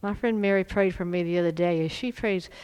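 A middle-aged woman preaching a sermon, fervent and emphatic, swelling into loud exhortation. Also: lowish voice, a little fast, clear, resonant tone, rough recording.

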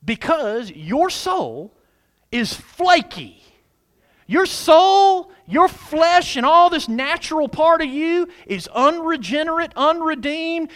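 A man preaching a sermon as pastor, animated, urging the congregation to respond. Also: extremely high pitch, slow.

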